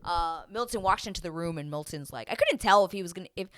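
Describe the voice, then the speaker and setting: Woman host, casual recap chat, lively pitch, bright edge, salty and animated. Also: fast talker, dry recording. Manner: animated, acts out quotes, swears freely.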